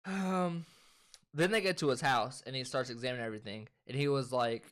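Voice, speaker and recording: A man's voice: medium pitch, fairly quick, fairly bright tone, clear, resonant tone. A young man co-hosting a casual chat, animatedly retelling movie scenes with lots of swearing and quoted lines. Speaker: co-host.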